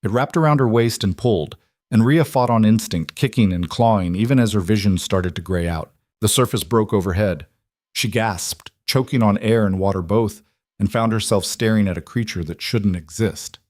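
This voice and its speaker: A man narrates a fantasy story in a steady, scripted read. His voice sits low and sounds dry, close to the mic with no room around it. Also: moderate pace, dry recording.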